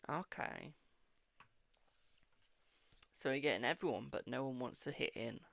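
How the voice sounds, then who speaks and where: A man's voice: mid-range voice, animated, measured pace, creaky, a bit bright, no room sound. A man hosting a live-stream psychic reading, chatting casually and affectionately calling viewers boo and darling. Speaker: psychic tarot reader and host.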